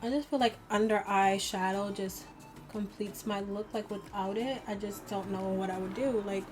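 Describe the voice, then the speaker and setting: Over background music, a young woman who makes beauty videos talks through a get-ready-with-me makeup routine. Her medium-pitched voice is steady and a little slow, and her chat is rambling, loaded with "like," and punctuated by self-directed laughter.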